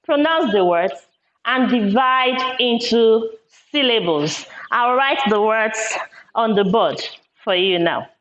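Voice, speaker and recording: A woman teacher with a somewhat high voice leads a lesson at a very slow, deliberate pace, repeating words syllable by syllable. She was recorded in an echoey classroom with a board, and the sound is dull and lo-fi. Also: lively intonation, fairly bright tone.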